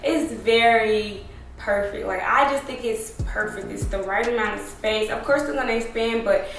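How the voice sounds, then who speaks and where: A woman's voice: a little high, moderate pace, vocal fry. A young woman giving a casual, profane tour of her open loft-style salon suite, calling her viewers y'all. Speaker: salon owner vlogger. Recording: echoey room with music playing.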